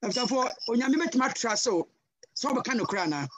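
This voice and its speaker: A man with a Ghanaian accent preaching a sermon over a video call, passionate and switching between English and Twi with sudden loud cries. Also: very high voice, animated, normal speed. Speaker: guest pastor.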